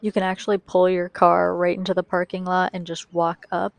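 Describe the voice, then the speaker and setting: A woman's voice: lowish voice, level tone, fairly quick, vocal fry, dry recording. A young woman giving a chatty, enthusiastic voice-over for a travel vlog and talking straight to her viewers. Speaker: travel vlogger.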